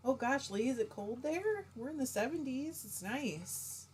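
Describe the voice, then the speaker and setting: A woman's voice: sits high, animated, slow, slightly rough. A middle-aged woman hosting a casual live stream, chatting and greeting viewers by name as she reads their comments.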